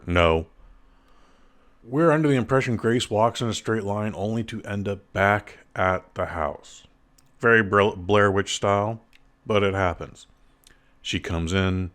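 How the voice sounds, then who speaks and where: Blunt deep-voiced man reviewing a film. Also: a bit bright, smooth. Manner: blunt, profane, rambling recap with fillers. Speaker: film reviewer, podcast host. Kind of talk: casual spoken movie review.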